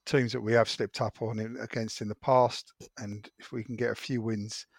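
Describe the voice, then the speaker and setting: A man's voice: on the low side, little pitch movement, moderate pace, gravelly, dry recording. A man co-hosting a podcast in casual chat, speaking earnestly with small hesitations. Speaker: podcast co-host.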